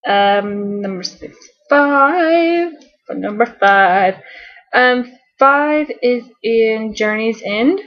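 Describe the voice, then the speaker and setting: A woman's voice: fairly high pitch, lively intonation, extremely slow, highs cut off, faint music behind. A woman vlogging a casual fan countdown, bubbly and rambling, with lots of fillers and little giggles.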